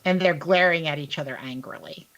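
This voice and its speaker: A woman's voice: sits low, fairly quick, a bit bright, dull audio. A woman narrating a tabletop role-playing game as game master, in an easygoing, casual way.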